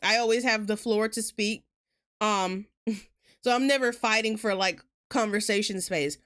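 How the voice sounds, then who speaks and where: A woman with a Southern US accent chatting casually while streaming a game, fast-talking and rambling, laughing often. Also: medium pitch, fairly bright tone. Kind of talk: casual gaming chat.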